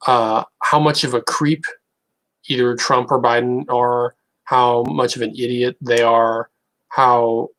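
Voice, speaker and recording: A young man talking casually to camera in a rambling, halting, wry way. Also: mid-range voice, a bit bright, rough recording. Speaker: online creator.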